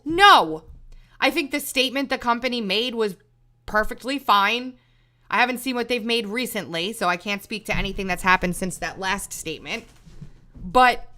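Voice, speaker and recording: A woman's voice: a little high, sharp tone. A woman host delivering an exasperated, emphatic commentary monologue, repeating words when heated. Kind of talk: angry monologue rant.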